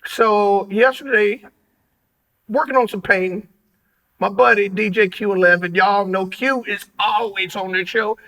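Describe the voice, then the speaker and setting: High, gravelly hype host. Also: male voice, steady tone, measured pace, rough recording. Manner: hype, drawling, shout-outs and playful boasts. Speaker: podcast host. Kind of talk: casual hip-hop podcast interview. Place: podcast studio.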